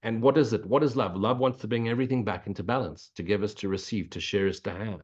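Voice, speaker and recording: A man's voice: fairly low pitch, quick pace, darkish tone, slightly rough. An older man giving an earnest, preachy spiritual talk, answering questions and dropping in blunt swearing. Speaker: spiritual teacher. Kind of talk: spiritual Q&A monologue. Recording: dull lo-fi recording.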